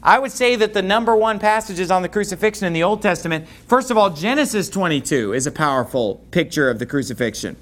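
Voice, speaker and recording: A man preaching a sermon, reading scripture aloud and explaining it with mounting passion. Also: high voice. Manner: impassioned, reads scripture aloud in King James wording.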